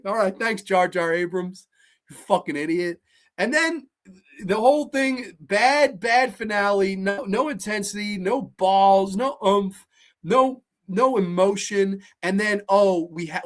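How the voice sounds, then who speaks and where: A woman hosting a casual film review show, ranting in a profane, sarcastic, animated way. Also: medium pitch, a little slow. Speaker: host.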